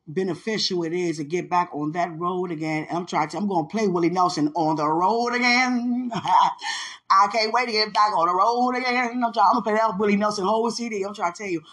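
A woman's voice: on the low side, husky. A woman hosting a podcast alone in a casual, chatty way, laughing often, bursting into bits of song and giving thanks to God. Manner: testifying with religious thankfulness. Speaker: podcast host. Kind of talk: casual solo chat.

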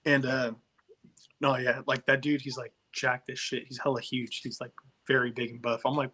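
A man hosting a podcast in casual chat, animated and profane, acting out his reactions. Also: medium pitch, moderate pace, husky. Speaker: podcast host.

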